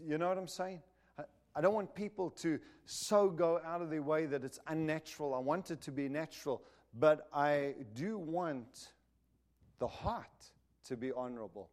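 A middle-aged male pastor preaching a sermon, rising loud on key words and dropping soft and low as he prays.

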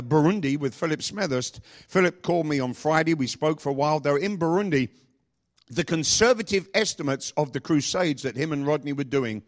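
A male pastor delivers a sermon in a somewhat high voice, peppering the congregation with repeated questions and speaking with lively emphasis.

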